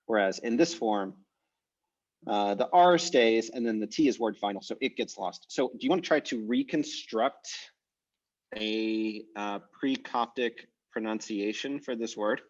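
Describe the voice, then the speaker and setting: Through muffled, dull video-call audio, a man with a lowish voice speaks a little slowly while teaching a language class online. He's casual, reasoning out loud as he figures things out.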